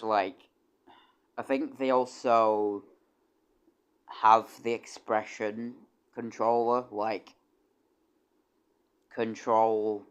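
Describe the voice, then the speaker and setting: Rambling young streamer. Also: male voice, fairly low pitch, smooth. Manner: rambling, stammering restarts, swears casually. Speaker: streamer and composer. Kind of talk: casual livestream chat.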